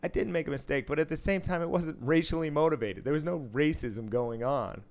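A man's voice: on the high side, fairly quick. A man in his thirties telling a story in casual chat, blunt and profane.

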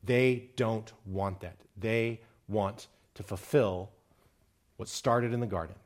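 A man preaching a sermon on a psalm, quoting scripture and retelling stories, climbing higher and louder on key points and dropping quiet for solemn ones. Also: slow pace. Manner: rises in pitch and volume when stressing points, drops low and quiet for solemn lines.

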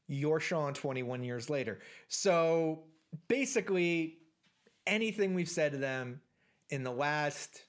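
Rambling jokey male podcast host. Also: fairly high pitch. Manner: rambling, jokey, filler-heavy. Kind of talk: casual podcast banter.

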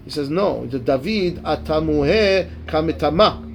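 A man's voice: a little high, expressive, measured pace, a little hiss or hum. A male rabbi teaching a Talmud class. He reads the Aramaic text and explains it in casual English, often checking in with "right?" and "okay". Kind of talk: Talmud class, reading and translating.

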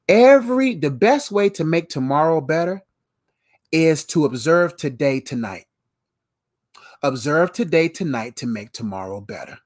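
A man's voice: on the high side, very animated, fairly quick. A man in his thirties giving a motivational talk, repeating his points emphatically in a preacher-like rhythm. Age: 30s. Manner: repetitive, emphatic, preacher-like cadence. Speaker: motivational speaker.

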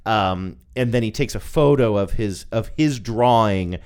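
A man's voice: lowish voice, unhurried, darkish tone, clean tone. A man co-hosting a podcast in casual chat, thinking aloud with frequent fillers and restarts. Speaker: podcast co-host.

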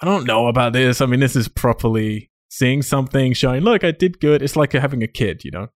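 A man hosting a casual film discussion, animated and laughing often, swearing casually. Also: medium pitch, a little fast, dry recording. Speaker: podcast host.

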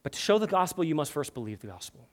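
A pastor preaching a sermon with passionate, emphatic repetition, then leading a prayer. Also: male voice, fairly high pitch, big pitch swings, fast talker.

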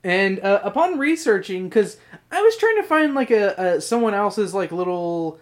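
A man's voice: high voice, big pitch swings, normal speed. A man hosting a podcast in casual chat, rambling and swearing often, with frequent laughs. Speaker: podcast host.

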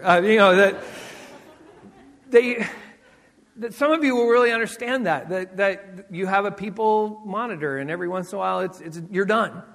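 High-voiced pastor preaching in a hall. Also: male voice, normal speed. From Southern California. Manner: animated storyteller, acts out voices, laughs often. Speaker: senior pastor. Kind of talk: sermon with personal stories.

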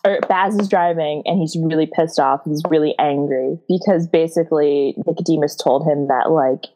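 A woman's voice: low voice, fairly even intonation, normal speed, dark tone, poor audio. A woman co-hosting a casual podcast, recapping a book in a rambling way with lots of fillers and giggles. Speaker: podcast co-host.

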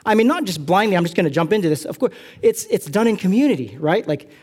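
Animated preaching man from California. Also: high-pitched, quick pace. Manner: animated, self-deprecating storytelling. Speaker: pastor. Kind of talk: sermon.

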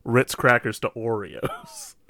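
A man's voice: medium pitch, wildly swooping pitch, slow pace, pushed and bright, no echo. A man co-hosting a casual podcast chat who rambles with restarts and laughs often. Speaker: podcast co-host.

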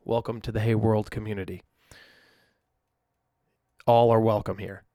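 A man's voice: fairly low pitch, little pitch movement, measured pace, dark tone, no echo, clean studio sound. A young man hosting his own podcast alone in his room, chatting casually into a microphone in a rambling, self-deprecating way. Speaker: podcast host. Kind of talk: casual solo podcast chat. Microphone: studio microphone.

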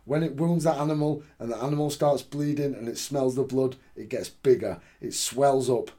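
A domineering older boss lecturing two men about who holds the power, as a podcast host quotes him. His voice stays in an ordinary middle pitch. He speaks in a stern, lecturing way. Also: normal speed, warm tone, close to an everyday voice. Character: domineering older male boss laying down the law.

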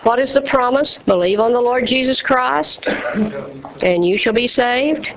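A woman's voice: a little high, a little slow, a crowd in the background. A woman preaching a sermon in an emphatic, rhythmic style, speaking to a responding congregation. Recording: dull lo-fi church recording.

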